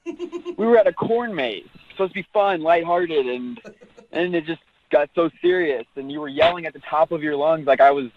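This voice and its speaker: A man calling in over a dull, narrow phone line, sounding defensive and a bit sheepish. His voice sits slightly high for a man. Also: expressive, normal speed, a little hiss or hum. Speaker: caller.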